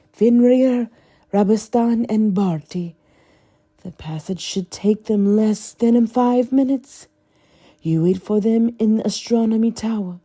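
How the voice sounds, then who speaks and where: A woman voicing a cold, sinister male dark lord who hisses his orders in a low, menacing voice. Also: husky.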